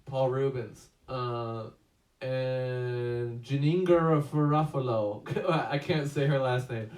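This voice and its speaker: A man's voice: mid-range voice, fairly even intonation, slow, a little mellow. Rambling man reviewing a movie, echoey. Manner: rambling, many fillers and restarts. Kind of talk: casual movie review chat. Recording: echoey room, distant mic.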